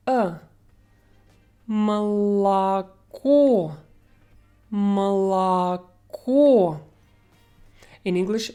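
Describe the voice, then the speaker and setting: A young woman with a Russian accent teaching pronunciation, unhurried and deliberate. Her voice is soft and mellow, and she draws out each example word so learners can follow. Faint music plays softly behind her. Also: medium pitch. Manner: slow, careful, stretching out example words. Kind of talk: online language lesson.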